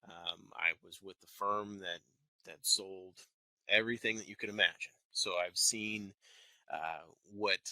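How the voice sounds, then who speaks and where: A man's voice: deep voice, fairly even intonation, unhurried, bright, forceful tone, dry recording, rough recording. A man in his thirties from Texas with a faint Texan twang, hosting a live webinar from an office, talking conversationally and enunciating carefully. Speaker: wealth manager hosting a webinar. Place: office building.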